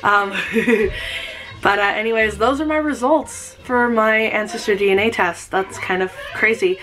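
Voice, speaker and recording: A woman talking casually in a vlog, excitable and rambling, with mild swearing. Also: mid-range voice, measured pace. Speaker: YouTuber.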